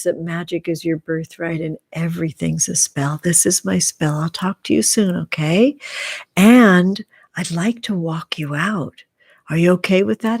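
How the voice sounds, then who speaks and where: Gravelly, low-voiced woman tarot streamer. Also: no room sound, studio quality. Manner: affectionate, calls viewers honey and sweetie; drops into soft whispers while reading comments. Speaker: tarot reader and live-stream host. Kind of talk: casual live-stream chat.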